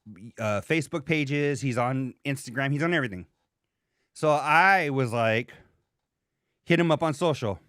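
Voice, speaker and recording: A man's voice: medium pitch, a bit bright, no echo, clean studio sound. A man hosting a casual podcast, telling stories in a profane, ranting way and acting out quoted dialogue. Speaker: podcast host.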